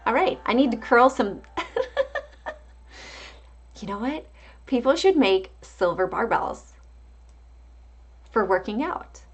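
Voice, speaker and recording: A woman's voice: on the high side, expressive, slow pace, pauses often, husky, faint music behind. Chatty woman calling out stock levels. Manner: chatty, reads out price levels, answers viewer chat. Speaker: livestream market host. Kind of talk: casual live market commentary.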